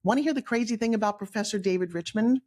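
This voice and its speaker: Middle-aged new york woman telling her life story on a podcast, lively, does little voices for people she quotes. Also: mid-range voice, fast. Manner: animated, acts out quoted voices, frequent restarts. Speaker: guest storyteller.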